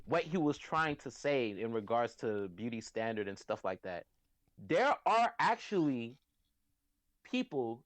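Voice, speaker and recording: Animated man explaining in a dry room. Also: a little high, a little slow, no room sound. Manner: animated, repeats words as he builds a point. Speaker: podcast co-host. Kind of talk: casual group discussion.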